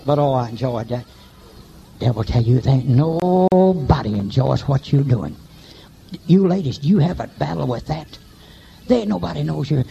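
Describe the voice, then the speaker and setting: An older man preaching a revival sermon in church, telling folksy stories and breaking into high shouts. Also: creaky, slight background noise. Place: church meeting. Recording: dull lo-fi recording.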